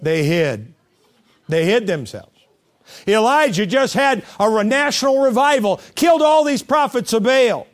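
A male pastor preaching an animated, humorous sermon, acting out quotes and cartoon voices. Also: very high voice, a little slow.

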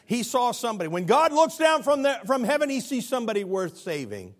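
Man, pastor, sermon, high voice, very animated pitch, stammering restarts. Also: a little fast, hardly any pauses.

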